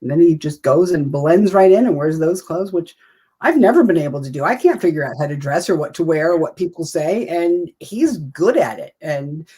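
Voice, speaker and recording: A woman's voice: sits low, animated, moderate pace, dark tone, breathy edge. A woman in her fifties, a guest in an interview, talking in a chatty, rambling way with self-deprecating humor. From United States. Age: 50s. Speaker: writer and guest. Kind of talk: casual interview talk.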